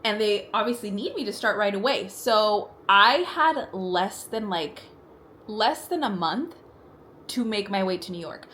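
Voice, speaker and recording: A woman's voice: mid-range voice, animated, unhurried, fairly bright tone, slight background noise. A young adult woman vlogger telling a personal story in casual chat while doing her makeup, talking in a chatty way with frequent "like" fillers, at home in her apartment.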